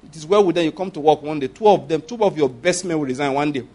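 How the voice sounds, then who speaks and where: Husky pastor preaching animatedly. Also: male voice, on the high side, fast talker. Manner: animated preaching, acting out prayers and dialogue; repeats phrases and asks the audience for agreement. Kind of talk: sermon.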